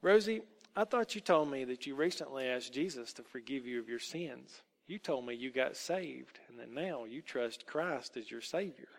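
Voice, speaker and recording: A man voicing a middle-aged Christian aunt who speaks softly but sternly, gently lecturing a child. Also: mid-range voice, expressive, normal speed, creaky. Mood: gently scolding. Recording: long hall reverb.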